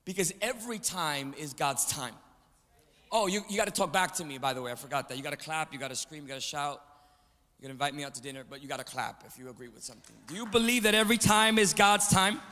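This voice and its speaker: Speaking fast in a bright, forceful voice on the high side, a visiting preacher whips up his congregation with jokes and prompts for them to respond. The energetic sermon rings out in a large, echoing church sanctuary.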